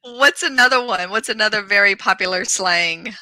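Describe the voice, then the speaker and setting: A woman's voice: medium pitch, normal speed, bright, forceful tone, no echo, low-quality recording. A woman from Louisiana hosting a casual live chat, enthusiastic and encouraging. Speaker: host.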